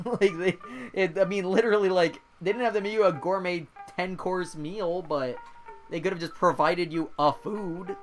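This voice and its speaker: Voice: mid-range voice, normal speed, soft background music. An exhausted, yawning streamer in casual game-stream chat, ranting and swearing with exasperation.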